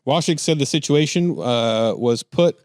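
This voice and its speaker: A man's voice: fairly high pitch, a little slow, darkish tone, clear, resonant tone, no room sound, studio quality. A man hosting a comedy podcast, reading news headlines aloud and joking between them with frequent laughs. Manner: jokey, laughs often, reads headlines aloud. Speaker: podcast host. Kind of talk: casual comedic news chat.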